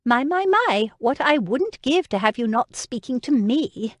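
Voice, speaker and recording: A woman's voice: high voice, big pitch swings, measured pace, dry recording, clean studio sound, voice pushed up, heavily acted. A woman voicing a teasing young noblewoman in an audiobook, with a playful, mocking manner.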